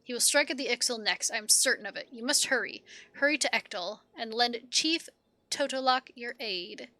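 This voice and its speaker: A woman's voice: a little high, animated, no room sound. A woman voicing a wounded young woman who speaks faintly and hesitantly from hiding. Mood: pleading. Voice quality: faint, soft-spoken. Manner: hesitant, halting pleas.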